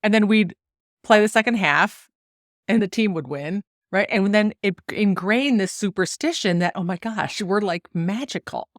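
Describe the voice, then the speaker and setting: A woman in her forties from the United States, hosting a solo podcast and telling stories in a chatty, lively way with frequent laughs. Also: medium pitch, normal speed, dry recording, clean studio sound. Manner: chatty, animated storytelling with laughs. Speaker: podcast host and golf coach.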